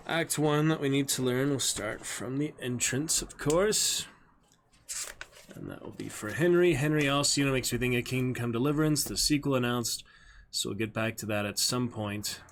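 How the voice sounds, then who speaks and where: A man's voice: mid-range voice, fairly bright tone, slight background noise. A man streaming casually as he learns his stage lines, thinking aloud and repeating the script again and again. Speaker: streamer and community theater actor.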